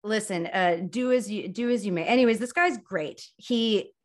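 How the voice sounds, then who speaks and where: A woman's voice: mid-range voice, moderate pace. A young woman chatting candidly on a podcast, rambling, swearing and laughing often. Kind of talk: casual podcast chat.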